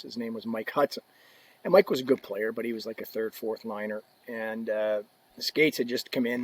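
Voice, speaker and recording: Older male guest, husky voice, casual joking storyteller. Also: medium pitch, rough recording. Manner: joking, anecdotal, drops in hushed asides. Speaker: podcast guest, equipment representative.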